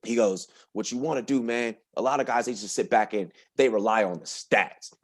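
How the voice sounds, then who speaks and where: A man telling a long story on a podcast in a loose, profane, animated way, often laughing through it. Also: lowish voice, moderate pace. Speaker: podcast guest. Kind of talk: casual storytelling.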